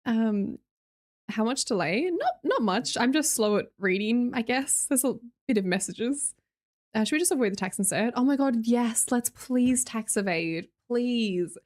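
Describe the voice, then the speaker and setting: A woman with an Australian accent chats casually to her live-stream viewers, reading their messages aloud. Her voice sits a touch high and swings widely in pitch. She laughs often and trails off into restarts. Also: lively intonation, normal speed.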